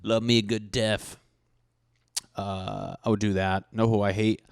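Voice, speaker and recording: A man's voice: fairly low pitch, level tone, unhurried, vocal fry, smooth, dry recording, clean studio sound. A young man hosting a podcast, ranting profanely and animatedly in a solo comedic monologue, often mocking people in put-on voices. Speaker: podcast host.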